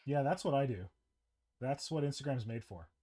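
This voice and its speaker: A man's voice: medium pitch, expressive, moderate pace, mellow. A man from Toronto, hosting a casual, joking chat show. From Toronto, Canada. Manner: joking, chatty. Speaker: podcast host.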